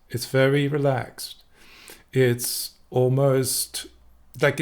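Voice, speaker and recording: A man talks through a video clip as a presentation coach, explaining vocal range and tone in a casual, conversational way. He sometimes slips into short demonstrations of the voices he is describing. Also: mid-range voice. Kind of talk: video analysis commentary.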